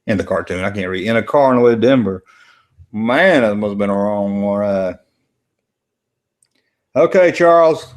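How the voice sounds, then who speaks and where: A man, casually talking over a movie and reading chat aloud on a late-night stream. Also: mid-range voice. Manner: laid-back, rambling, jokey asides. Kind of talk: casual live commentary while reading chat. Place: home room, late at night.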